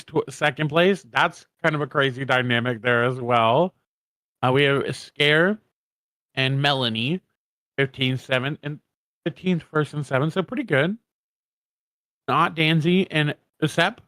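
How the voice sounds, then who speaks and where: A man's voice: a little high, unhurried, long pauses, sharp tone, no room sound. A man co-casting an esports watch party, rattling off standings and stats with casual asides. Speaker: co-caster.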